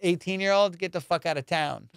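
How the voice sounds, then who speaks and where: A young adult man hosting a comedy podcast, telling a story in an animated, profane way and acting out quotes. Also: high voice, brisk, gravelly, smooth, dry recording, studio quality.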